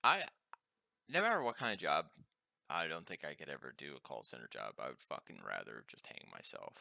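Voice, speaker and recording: A man co-hosting a podcast, talking in a quiet, offhand, swearing casual chat. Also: very deep voice, big pitch swings, fairly quick, gravelly, no echo, studio quality. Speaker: podcast co-host.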